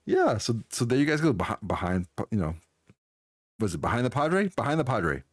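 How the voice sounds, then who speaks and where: A man's voice: medium pitch, sing-song, moderate pace, dry recording, clean studio sound. A man chatting casually on a live stream, answering chat and laughing often as he tells a story.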